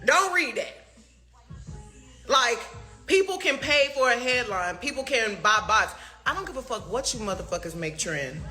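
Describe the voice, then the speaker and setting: Animated high-voiced woman ranting. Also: faint music behind. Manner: profane, rapid-fire rhetorical questions; animated, with laughing asides. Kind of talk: heated social media rant.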